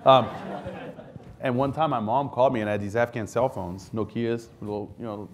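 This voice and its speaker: A man's voice: medium pitch, moderate pace, crowd noise. A man in his thirties, raised in France, telling stories on stage as a guest author and acting out the voices he quotes. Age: 30s. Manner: animated anecdotes, acts out quoted voices, laughs often. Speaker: guest author, army veteran. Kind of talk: casual storytelling on stage.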